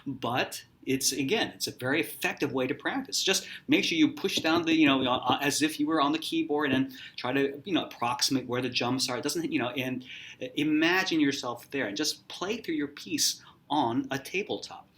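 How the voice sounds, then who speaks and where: Relaxed man teaching piano exercises. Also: medium pitch, moderate pace. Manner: relaxed, demonstrative, counts finger numbers aloud. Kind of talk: casual video lesson. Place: hotel room.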